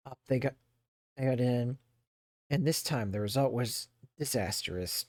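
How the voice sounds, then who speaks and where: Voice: mid-range voice, a little slow, a little mellow, no echo, clean studio sound. A streamer reading a book aloud to their chat, reading steadily but stumbling over words and breaking off for playful asides. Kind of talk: casual read-aloud storytelling with chatty asides. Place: home streaming setup.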